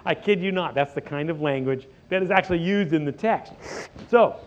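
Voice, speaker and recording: Middle-aged male preacher, folksy and animated, fairly high voice, muffled lo-fi recording. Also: fairly quick. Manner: folksy, animated retelling with asides. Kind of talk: storytelling sermon. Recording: dull lo-fi recording.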